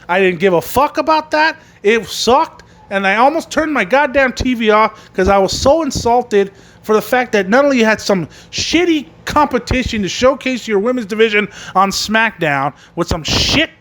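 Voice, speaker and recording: A man with a high-pitched voice hosts a wrestling podcast. He recaps the show in a furious, profanity-laden rant. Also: fairly bright tone. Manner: angry, swearing constantly. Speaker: podcast host reviewing wrestling.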